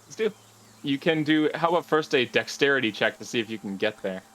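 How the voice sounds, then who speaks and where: Bright-voiced man narrating as game master. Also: mid-range voice, brisk. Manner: relaxed, chatty narration with fillers.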